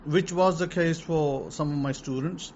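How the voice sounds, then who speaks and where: A man's voice: on the high side, a little slow, darkish tone, lo-fi sound, slight background noise. A man preaching about tithing in an emphatic, repetitive way, telling testimonies to his listeners. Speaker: religious teacher on tithing.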